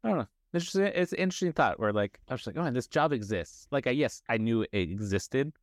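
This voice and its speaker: A man's voice: mid-range voice, lively intonation, fast, no echo, studio quality. A man co-hosting a podcast, chatting casually and rambling, swearing freely. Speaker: podcast co-host. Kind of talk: casual chat.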